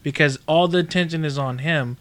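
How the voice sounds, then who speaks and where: A man with a slightly raised voice chatting casually about a film. He talks in relaxed, halting phrases and swears offhandedly. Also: a little high, dry recording.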